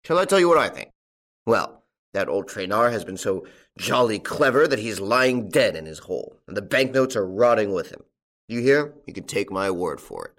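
A man doing a gruff, blustering old farmer. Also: fairly low pitch, lively intonation, moderate pace. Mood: insistent. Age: older. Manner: loud, blustering and insistent.

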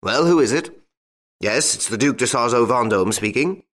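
A man's voice: mid-range voice, moderate pace, fairly bright tone, lightly acted. A man playing a proud, wrathful old aristocrat, blustering and indignant. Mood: gruff.

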